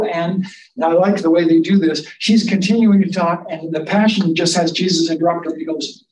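Man, high voice, conversational sermon, roomy distant sound, faint background ambience. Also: fairly quick, darkish tone. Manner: conversational, asks listeners to imagine scenes. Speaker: preacher.

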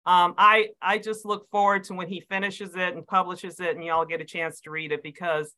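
A woman's voice: on the low side, flat delivery, normal speed, bright, forceful tone, poor audio. A woman in a prayer group speaking enthusiastically in casual chat, with many fillers.

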